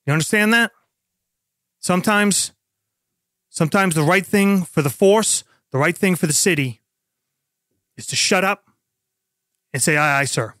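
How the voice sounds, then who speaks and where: A gruff, bossy police lieutenant, as a man puts him on for a tabletop radio-style scene. He scolds bluntly and impatiently, in a slightly higher voice. The sound is dry and close. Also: animated, brisk, fairly bright tone, no echo. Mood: scolding.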